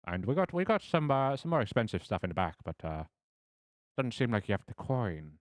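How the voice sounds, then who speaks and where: A man voicing a cheerful male weapon vendor in an exaggerated mock-Irish lilt, loud and bouncy. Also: mid-range voice, sing-song, moderate pace, no room sound, studio quality, pitched above the performer's own voice. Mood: salesy. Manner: over-the-top stage-Irish phrasing, loud and bouncy.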